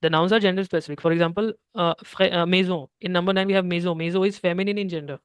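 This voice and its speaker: Quick high-voiced Indian teacher. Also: male voice, fairly even intonation, clean tone, no room sound. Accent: Indian English. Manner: patient, explains step by step, mixes in Hindi. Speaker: French teacher. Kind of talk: one-on-one language lesson.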